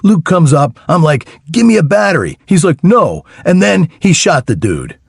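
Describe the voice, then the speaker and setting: A man's voice: fairly high pitch, big pitch swings, normal speed, gravelly, breathy edge, no room sound, studio quality, exaggerated voice. A man voicing a cocky Texan male Navy sniper who talks in a laid-back drawl and trades salty banter. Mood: teasing. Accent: Texas.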